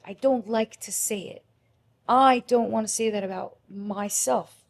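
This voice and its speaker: A woman's voice: a little high, gravelly, darkish tone. A young adult woman speaking as a podcast guest, candid and emotional, acting out her own inner thoughts aloud.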